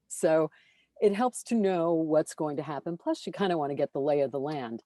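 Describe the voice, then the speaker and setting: A woman who narrates audiobooks, talking casually in an interview, animated and self-deprecating, with lots of fillers and restarts. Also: sits low, normal speed, dry recording.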